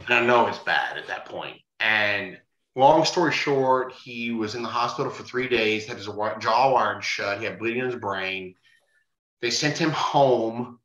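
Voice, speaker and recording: A man's voice: fairly low pitch, unhurried, fairly bright tone. A man, a bouncer, telling a bar story in casual talk, swearing freely and acting out the voices of the people in it. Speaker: podcast guest, bar bouncer. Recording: roomy, dull-sounding.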